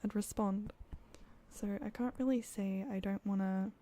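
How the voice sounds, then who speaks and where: A woman's voice: medium pitch, fairly even intonation, measured pace, warm tone. A young Australian woman from South Australia, chatting casually on a livestream, laughing often and swearing offhand. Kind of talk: casual chat. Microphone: desk mic.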